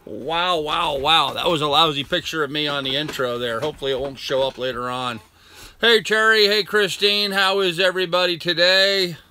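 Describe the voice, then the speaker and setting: Bright-voiced older man hosting a live stream. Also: a little high, normal speed. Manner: greets viewers one by one by name. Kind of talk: casual live stream chat. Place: at home with a dog nearby. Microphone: laptop.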